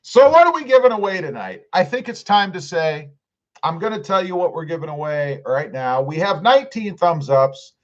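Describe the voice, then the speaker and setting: A middle-aged man hosts a relaxed live stream, reading chat comments out loud and joking back at them. His voice sits a bit high and moves all over the place. The audio sounds dull and lo-fi. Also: moderate pace. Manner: chatty, jokey, reads comments aloud. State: clearing his throat.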